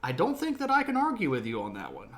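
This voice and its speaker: Speaking fast with wildly swooping pitch in a slightly high voice, a middle-aged host from South Mississippi runs a casual history livestream full of chatty, rambling asides and opinions he owns up to.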